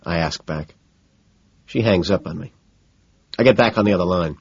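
A man narrating an audiobook in the first person, low-key and dejected. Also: moderate pace, long pauses, breathy edge, no room sound. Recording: dull lo-fi sound.

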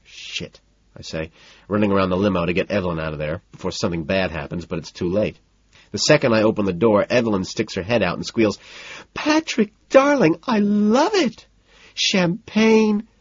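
A man narrating a first-person audiobook in a dry, deadpan way. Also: low voice, fast, slightly rough, dry recording. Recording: dull, dry lo-fi recording.

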